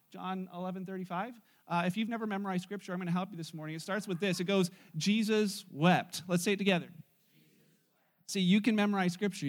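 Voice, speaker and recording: High-voiced pastor telling a story casually. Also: male voice, a bit bright. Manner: casual, joking storytelling to a congregation. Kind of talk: sermon. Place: church.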